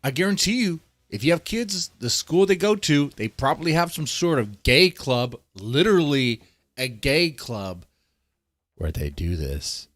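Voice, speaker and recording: A man's voice: a little high, sing-song, a little slow, a bit bright, no echo. A man ranting in heated, profane political commentary, swearing often and reading articles aloud between outbursts.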